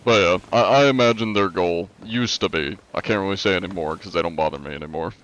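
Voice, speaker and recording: Young male streamer, deep and congested, laid-back rambling chat, lo-fi audio. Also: quick pace, fairly bright tone, slight background noise. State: congested from allergies. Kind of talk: casual live-stream chat.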